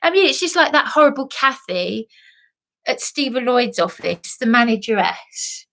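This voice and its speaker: A woman's voice: sing-song, normal speed, gravelly, fairly bright tone. An English woman in an emotional vlog monologue, agitated and rambling, swearing and repeating herself. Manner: mimics other people in high put-on voices. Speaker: vlogger.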